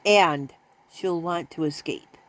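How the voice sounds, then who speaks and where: A woman in casual vlog chat, rambling and laughing often, who switches to a high baby voice when talking to her pets. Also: takes it slowly. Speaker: vlogger.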